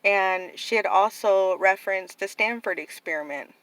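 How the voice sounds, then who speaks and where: A woman's voice: mid-range voice, normal speed, a bit bright, no room sound, poor audio. A young adult woman casually telling a personal story to her viewers, rambling and full of "like" and "you know". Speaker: vlogger telling about her nephew.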